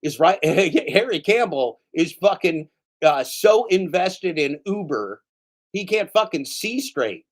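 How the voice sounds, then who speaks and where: Heated male commentator, higher-pitched, profane, mocking rant. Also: big pitch swings, slow. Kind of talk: angry ranting commentary.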